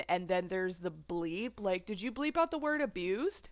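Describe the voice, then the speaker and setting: A woman's voice: fairly low pitch, normal speed, few pauses, no echo. Profane, ranting woman reacting to a video. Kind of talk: casual reaction commentary.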